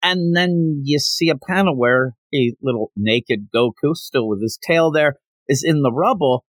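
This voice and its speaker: A man's voice: mid-range voice, unhurried, dry recording. A man hosting a podcast in a casual solo recap, chatty and digressive, laughing as he goes and acting out quotes. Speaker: podcast host.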